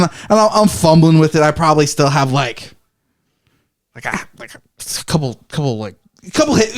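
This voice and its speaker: A man's voice: a little high, darkish tone. A man co-hosting a podcast, telling a story in a rambling, self-correcting way, swearing freely and acting out his own reactions. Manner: acts out his own reactions in quoted asides. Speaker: podcast co-host. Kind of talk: casual storytelling chat.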